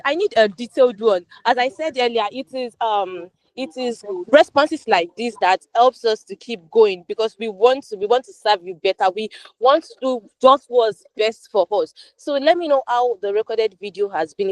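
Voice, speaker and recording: A woman's voice: fairly high pitch, no room sound. A woman tutoring a live online class, reading out viewer comments in an upbeat way, with lots of repetition and fillers. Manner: upbeat, repeats phrases, many fillers.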